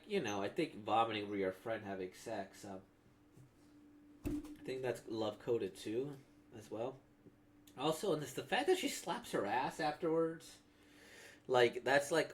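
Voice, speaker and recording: Guy riffing on a comic, rambly and full of fillers, lowish voice. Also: expressive, normal speed, a little hiss or hum. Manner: rambling, filler-heavy talk. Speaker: comic reader and reactor. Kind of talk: casual commentary.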